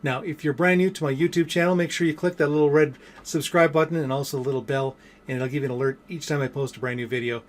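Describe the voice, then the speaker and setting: A man's voice: fairly high pitch, fairly even intonation, fast talker, few pauses. A middle-aged man vlogging as a business coach, telling stories in a loose, chatty way with lots of fillers and restarts. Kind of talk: casual motivational talk to camera.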